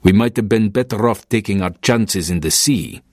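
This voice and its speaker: A man's voice: lowish voice, dry recording, clean studio sound. A man reading the part of a nervous boat captain who speaks grimly. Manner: grim, slow warning.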